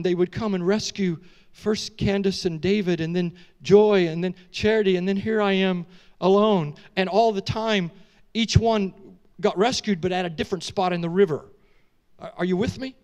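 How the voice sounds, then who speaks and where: A middle-aged man preaching in a church, telling a dramatic story with animated delivery, frequent restarts and questions to the audience. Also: high-pitched, normal speed. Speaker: guest preacher. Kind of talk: storytelling sermon. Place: church sanctuary.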